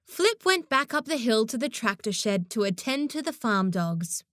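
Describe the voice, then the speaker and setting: A woman narrating a children's audiobook in an expressive storytelling manner, close to the mic. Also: fairly high pitch, normal speed, dry recording.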